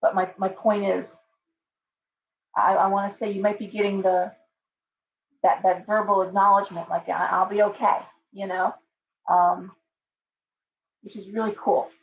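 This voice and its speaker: A middle-aged woman chats her way through a tarot reading, talking loosely with fillers and restarts. Her voice is dulled and a little distant from the microphone, at an ordinary middle pitch. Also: little pitch movement, unhurried, pauses often. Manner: chatty, rambling, frequent fillers and restarts. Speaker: tarot reader. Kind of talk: casual live stream tarot reading. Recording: muffled audio from away from the mic.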